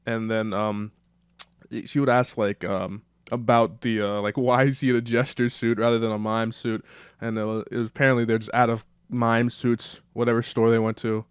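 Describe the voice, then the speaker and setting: A man's voice: medium pitch, flat delivery, normal speed, smooth, no echo, clean studio sound. Rambling man talking through a script. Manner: rambling, full of fillers. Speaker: show creator reading a script. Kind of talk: casual script read-through.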